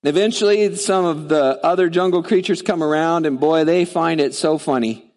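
A pastor with a fairly high voice, telling a picture-book story to his congregation in a lively, casual manner. He mixes plain talk with read-aloud lines and turns it into a lesson. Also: moderate pace. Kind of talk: sermon with a storybook retelling.

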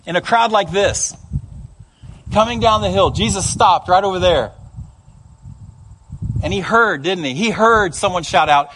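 A man preaching with a noticeably high voice, animated and playful. He acts out the people he quotes and slips in humorous asides while addressing his congregation. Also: moderate pace. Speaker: pastor. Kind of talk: sermon. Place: church service before a congregation.

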